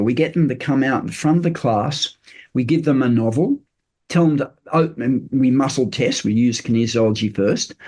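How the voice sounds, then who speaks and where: An older man, a podcast guest talking earnestly in a loose, explanatory way, often pausing on fillers and restarting sentences. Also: medium pitch, darkish tone. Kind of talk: casual interview chat.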